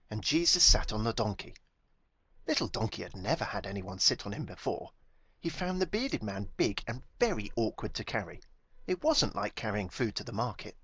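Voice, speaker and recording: A man reading his own children's story aloud with gentle, expressive storytelling. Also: on the low side, husky, no echo. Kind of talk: storybook narration.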